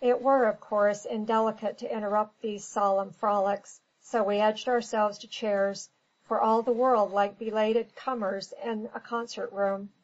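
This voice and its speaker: A woman's voice: mid-range voice, dull audio. Woman narrating an audiobook. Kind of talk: scripted narration.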